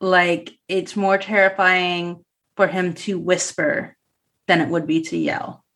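A woman co-hosting a casual film discussion, relaxed, often chiming in with short agreement. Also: on the low side, slow pace. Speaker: podcast co-host.

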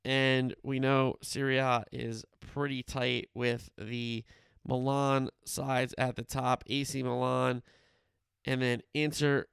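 A man's voice: mid-range voice, creaky, fairly bright tone, clean tone, dry recording, studio quality. A man casually running through soccer scores and previews as a podcast host, rambling and correcting himself as he goes. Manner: conversational, rambling with fillers and self-corrections. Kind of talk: casual sports roundup.

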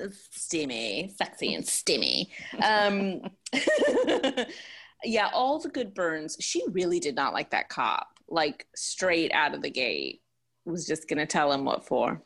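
A woman's voice: on the low side, sing-song, slow pace, slightly rough. Woman chatting on a podcast, voice bounces all over, keeps laughing and going off topic. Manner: chatty, laughs often, goes off on tangents. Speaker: podcast co-host. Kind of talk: casual chat.

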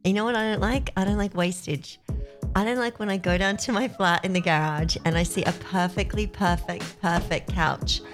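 A woman co-hosting a radio show, chatty and quick to laugh. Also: medium pitch, music in the background. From Australia. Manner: chatty, apologetic, laughs easily. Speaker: radio co-host. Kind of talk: casual morning radio banter.

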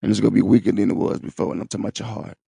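A young man rambles through his own podcast in a heavily gravelly, fry-laden voice. His talk is profane and streetwise, full of swagger and boasts. The sound is dry and close, with almost no room around it. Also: lowish voice, flat delivery, rapid-fire, mellow, dry recording. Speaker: podcast host. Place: at home, seated in a wheelchair.

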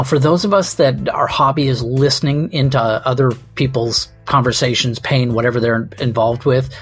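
A man's voice: mid-range voice, husky. A man hosting a comedy podcast, delivering a wry, rambling, self-mocking monologue.

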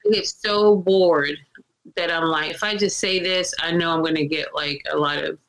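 A woman's voice: fairly low pitch, moderate pace, poor audio. A woman hosting a casual podcast chat, telling stories with emphasis and acting out what other people said. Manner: animated storytelling, acts out quoted people; emphatic, repeats points. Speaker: podcast host.

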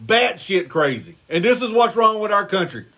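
A man's voice: sits high, brisk, a bit bright. A man hosting a call-in show, arguing hotly with a caller, repeating himself and cussing. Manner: exasperated, repeats himself, cusses. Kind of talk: heated call-in argument.

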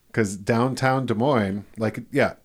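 A man's voice: medium pitch, slightly rough. A man hosting a casual chat, talkative, laughing often and swearing casually.

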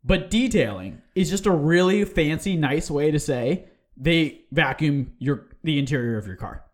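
A man's voice: a little high, lively intonation, moderate pace. A young man co-hosting a podcast from a small apartment, telling a rambling, mock-indignant complaint story. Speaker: podcast co-host. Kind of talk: casual podcast banter.

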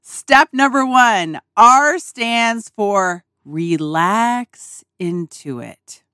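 A woman hosting a podcast talks through a personal story at an unhurried pace. Her pitch swings widely as she laughs and swears casually. The sound is dry and close, recorded in a small RV dinette. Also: lively intonation, bright, forceful tone, clear, resonant tone, dry recording. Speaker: podcast host.

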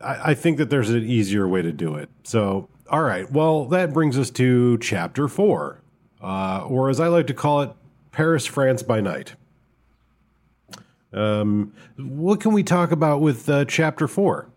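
A man co-hosting a casual chat about a tabletop game book, wandering through his points with plenty of hesitation and filler words. His voice sits at an ordinary, mid-range pitch. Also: big pitch swings, measured pace, darkish tone. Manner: rambling, hesitant, many fillers. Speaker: podcast co-host reviewing a game book.

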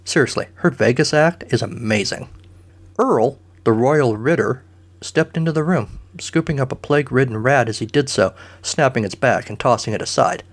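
A man narrating a comic story with dry, deadpan asides. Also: medium pitch, normal speed.

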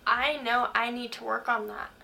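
A woman's voice: on the high side, fairly even intonation, normal speed, gravelly, bright, forceful tone, a little hiss or hum. A young woman giving a faith-based motivational talk, speaking earnestly and putting direct questions to the listener. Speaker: Christian speaker.

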